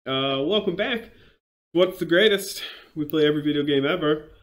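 A man's voice: fairly high pitch, normal speed, fairly bright tone. A man hosting a video game playthrough, chatting casually with dry, self-mocking jokes. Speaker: gameplay host. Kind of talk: casual let's-play commentary.

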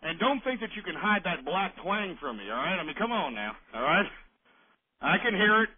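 A man's voice: sits high, sing-song, normal speed, breathy edge. A man hosting late-night call-in radio, ranting bluntly and angrily with profanity, repeating himself and restarting his words while drinking beer. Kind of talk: late-night political talk radio rant. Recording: tinny, narrow-band broadcast recording.

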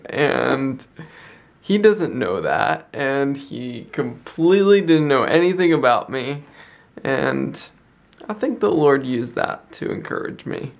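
A man's voice: medium pitch, sing-song, takes it slowly, gravelly. Chatty young man vlogging. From United States. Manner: chatty, rambling, self-correcting. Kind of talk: casual storytelling vlog.

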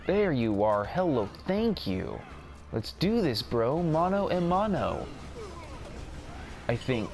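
A man giving casual gameplay commentary, rambling and mocking himself as he plays. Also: mid-range voice. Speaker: gaming video creator. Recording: game music underneath.

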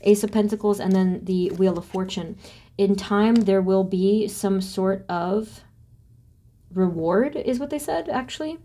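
A woman's voice: mid-range voice, a little slow, warm tone. A woman doing a solo tarot reading, thinking aloud as she names cards and asks spirit questions. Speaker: tarot reader.

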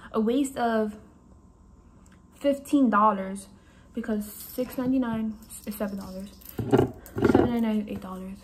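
A woman's voice: a little high, slight background noise. A woman vlogging casually at home, talking to her viewers in a frank, exclamatory, chatty way. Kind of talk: casual vlog talking to camera.

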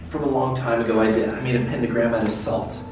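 A young man answering quietly and hesitantly, trailing off as he speaks. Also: mid-range voice, fairly even intonation, quick pace. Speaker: friend in the vlog. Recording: distant, roomy, noisy.

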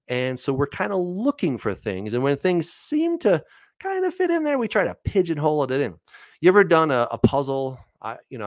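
A man with a medium-pitched voice answers viewers' Bible questions casually, reading verses aloud and putting rhetorical questions to his audience. He's animated and conversational, often saying "all right" and "right?", and there's no room sound.

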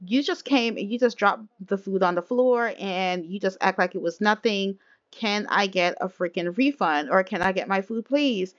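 A woman's voice: medium pitch, moderate pace, no echo, highs cut off, natural voice. A woman voicing a fed-up young woman in a diner, sassy and demanding in her everyday voice. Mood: angry.

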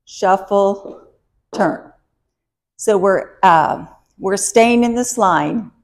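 Woman dance instructor, slow and deliberate, calls out counts and steps, upbeat. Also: mid-range voice. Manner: counting steps aloud while dancing; upbeat and encouraging.

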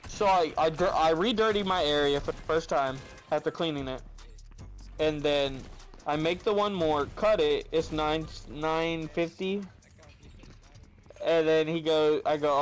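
A man's voice: on the high side, a little slow. A young man chatting casually over gameplay, telling stories with lots of swearing and laughter. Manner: animated storyteller, swears freely, laughs often. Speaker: gamer and co-commentator.

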